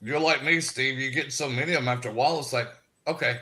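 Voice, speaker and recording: Guy jumping in to agree, pretty bright sharp tone, casual. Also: mid-range voice, steady tone, quick pace. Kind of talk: casual chat.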